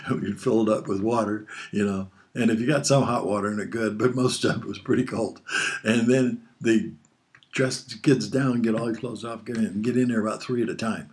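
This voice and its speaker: A man's voice: on the low side, fairly even intonation, moderate pace, darkish tone. An older man, a father, telling rambling family stories from his childhood and chuckling often as he talks. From Hawaii. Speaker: father being interviewed. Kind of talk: casual storytelling.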